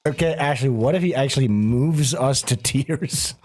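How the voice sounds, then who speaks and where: A man hosting a stream, giving casual reaction commentary in an animated, mocking way and laughing often. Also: mid-range voice, moderate pace. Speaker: streamer host.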